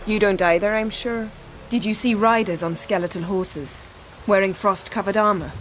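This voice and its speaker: A woman's voice: mid-range voice, steady tone, normal speed, a little hiss or hum, natural voice, rough recording. A woman voicing an imperious sorceress. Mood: cool. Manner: poised, imperious. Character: proud sorceress, commanding and sharp-tongued. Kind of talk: video game dialogue.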